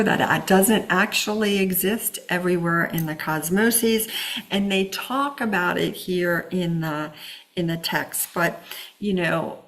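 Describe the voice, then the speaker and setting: A woman leading a spiritual healing lesson, speaking in an unhurried way with many pauses and fillers and sometimes dropping to a soft whisper. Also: mid-range voice. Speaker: healing teacher. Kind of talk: spiritual teaching talk.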